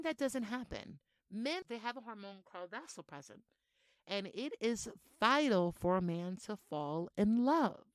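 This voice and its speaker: A woman's voice: mid-range voice, no room sound. A young woman hosting a podcast in a casual solo monologue, brash and heavy on swearing. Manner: brash, profane and animated, with laughs. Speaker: podcast host.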